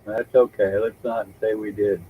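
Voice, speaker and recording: A man's voice: lowish voice, flat delivery, normal speed, slight background noise. A man hosting a casual podcast chat, telling a story in a rambling way, swearing casually and laughing easily. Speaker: host. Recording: dull lo-fi recording.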